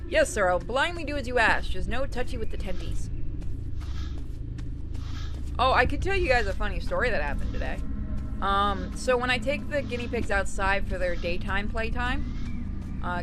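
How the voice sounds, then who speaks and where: A woman streaming a game, chatting casually and rambling in a self-deprecating way, with lots of fillers. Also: mid-range voice. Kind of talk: casual live-stream chat and gameplay commentary.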